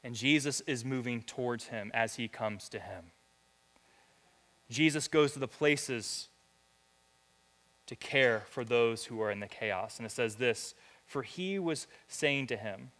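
A man's voice: mid-range voice, measured pace, fairly bright tone. A man preaching a sermon in a church, reading scripture and building to fervent repeated phrases. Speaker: pastor. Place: church hall.

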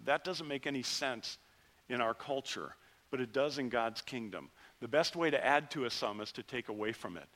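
A middle-aged male pastor giving a conversational sermon, swinging between lively rises and quiet drops. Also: mid-range voice.

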